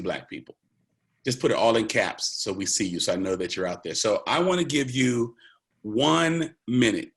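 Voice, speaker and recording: A man's voice: mid-range voice, normal speed, vocal fry. A man giving an earnest, conversational online presentation, talking directly to a large audience and emphasizing key points.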